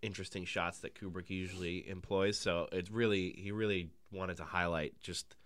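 A man's voice: deep voice, fairly even intonation, moderate pace, a bit bright, dry recording. A man chatting casually about a film, hesitant, with frequent ums and restarts, laughing easily.

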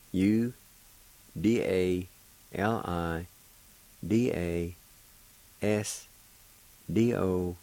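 A man's voice: sits low, darkish tone, low-quality recording. A man hosting a radio language lesson, patiently spelling and pronouncing words syllable by syllable. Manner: encouraging sign-off. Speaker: language teacher and radio host.

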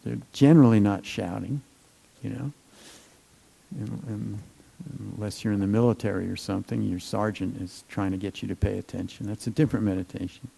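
A man giving a gentle, unhurried meditation talk, with many fillers and trailing phrases. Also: on the low side, steady tone, creaky, slightly rough, low-quality recording. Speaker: meditation teacher.

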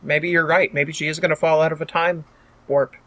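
Young podcast cohost, lots of ums, hesitant casual chat, middle pitch. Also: level tone, brisk, a bit bright. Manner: hesitant, many fillers. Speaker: podcast co-host.

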